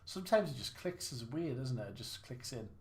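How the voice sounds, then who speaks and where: A man's voice: mid-range voice, lively intonation, fairly quick, slight background noise. A man livestreaming a snooker game, chatting casually and mocking his own play with rambling restarts. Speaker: gaming livestreamer. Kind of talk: casual live commentary while playing.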